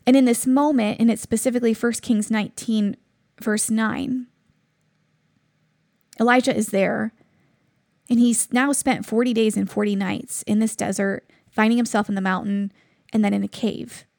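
Earnest woman with a slightly gravelly voice. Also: a little high, fairly even intonation, moderate pace, long pauses, darkish tone, no echo, clean studio sound. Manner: earnest, reflective storytelling with frequent restarts. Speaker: podcast host. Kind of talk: personal devotional podcast talk.

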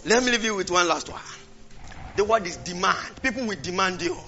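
A Nigerian man preaching a fervent sermon, shouting and repeating phrases, at times speaking in tongues. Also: sits high, expressive, brisk. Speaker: pastor. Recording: muffled lo-fi recording with music.

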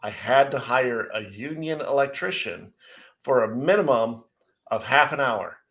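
Sarcastic storytelling man, mid pitch. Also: unhurried. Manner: animated, sarcastic storyteller with mocking asides. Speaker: podcast co-host. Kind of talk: casual storytelling chat.

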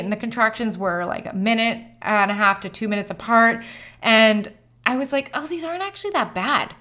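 A young woman shares a personal story in a loose, chatty way, peppering her sentences with "like" and "um". Her pitch sits in a middle range for a woman, and she tells it with animated energy. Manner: chatty, animated, many "like" fillers. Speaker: mother telling her birth story.

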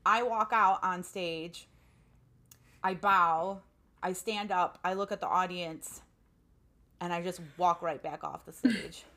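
A young woman tells a story in a relaxed, chatty way and leans on "like" constantly. Her voice sits a little low for a woman but has a bright, forceful edge. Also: slow pace, pauses often. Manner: chatty, lots of "like" fillers. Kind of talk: casual storytelling.

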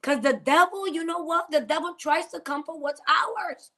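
A woman's voice: very high-pitched, moderate pace, fairly bright tone, a little hiss or hum. A woman pastor hosting a faith talk show, preaching fervently with emphatic repetition and frequent laughter. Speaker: pastor and host.

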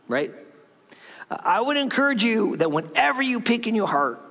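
A man's voice: sits high, big pitch swings, slow pace, pauses often, a bit bright. A male pastor preaching a sermon, telling a story and acting out the voices in it. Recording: long hall reverb.

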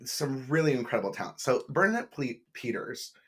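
A man co-hosting a podcast, animated and chatty, laughing often. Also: mid-range voice, brisk, breathy edge. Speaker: podcast co-host. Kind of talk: casual chat.

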